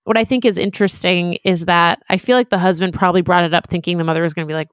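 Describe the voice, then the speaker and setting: A woman's voice: on the low side, steady tone, very fast, hardly any pauses, no echo, studio quality. A woman co-hosting a casual podcast, chatting and reading listener emails aloud in an easygoing way. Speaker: podcast host. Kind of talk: casual chat.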